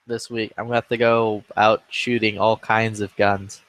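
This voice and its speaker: A man's voice: on the low side, level tone, normal speed, fairly bright tone. A man chatting casually in a game lobby, telling a rambling story with lots of swearing and acted-out quotes. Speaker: gaming streamer.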